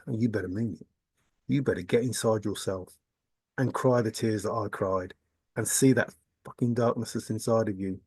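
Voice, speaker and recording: A man's voice: mid-range voice, darkish tone, husky, no echo. Intense, repetitive man, dry sound. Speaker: video blogger. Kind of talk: rambling spiritual monologue.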